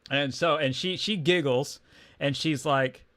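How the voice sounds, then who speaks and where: A man's voice: fairly high pitch, a little slow, a bit bright, dry recording. A man from Texas with a Texan accent, telling a personal story on a livestream in a casual, rambling way, full of restarts and fillers. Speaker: comics livestream host.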